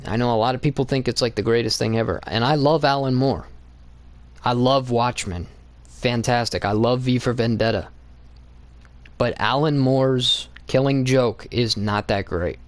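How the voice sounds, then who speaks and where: Casting note: young male comics host, mid-pitched, dry close mic, blunt and profane, rambling rant. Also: moderate pace, dry recording. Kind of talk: casual opinionated monologue.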